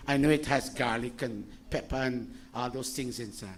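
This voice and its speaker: A man's voice: mid-range voice, normal speed, a crowd in the background. A man, giving an informal sermon to his congregation with rhetorical questions, jokey asides and scolding. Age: 60s. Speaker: spiritual teacher.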